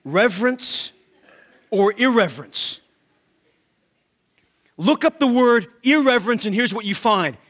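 A man's voice: sits high, sharp tone. A man preaching a sermon with emphatic rhetorical questions, often repeating words as he starts a thought. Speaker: pastor.

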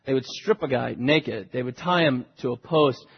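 A man preaching a sermon, retelling a scripture story dramatically and swinging between hushed and loud delivery. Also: medium pitch, moderate pace, creaky, husky. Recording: dull recording with long hall reverb.

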